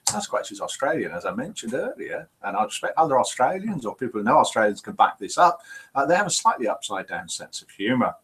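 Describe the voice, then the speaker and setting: A man with a medium-pitched, fairly bright and slightly rough voice runs a relaxed live online chat show for the over-50s. He chats away while reading viewers' comments out loud.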